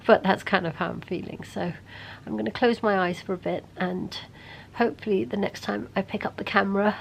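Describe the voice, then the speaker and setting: A middle-aged woman vlogging casually to camera while ill and congested, hoarse and tired, often talking half-whispered. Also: medium pitch, brisk, a little hiss or hum, poor audio. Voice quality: gravelly. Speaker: beauty vlogger. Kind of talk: casual vlog chat to camera.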